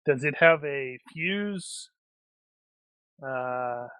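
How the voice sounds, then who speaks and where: A man's voice: mid-range voice, animated, extremely slow, a bit bright, clean tone, no room sound. A man acting as game master for a tabletop action game, talking in a rambling way with many restarts.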